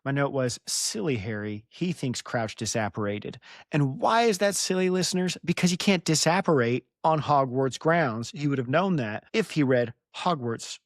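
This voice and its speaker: A man's voice: on the high side, lively intonation, normal speed, few pauses, dry recording. Young American man, podcast host, casual recap, rambling, self-deprecating, dry close sound.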